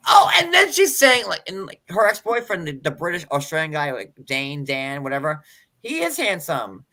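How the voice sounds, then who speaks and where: A woman in casual chat, ranting and swearing in an animated way. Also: sits low, normal speed.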